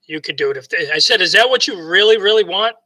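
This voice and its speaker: Male motivational speaker, New York accent, very bright high voice, rambling storyteller. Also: lively intonation, fast talker, poor audio. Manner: rambling, repeats words and restarts often; acts out both sides of remembered conversations. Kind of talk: casual storytelling monologue.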